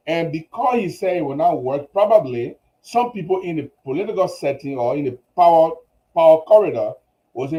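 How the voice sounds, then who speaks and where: A man's voice: fairly high pitch, lively intonation, fairly quick, mellow, low-quality recording. A man, giving his political views on a talk show and often stumbling over repeated words. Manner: hesitant, repeats words while searching. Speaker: guest commentator.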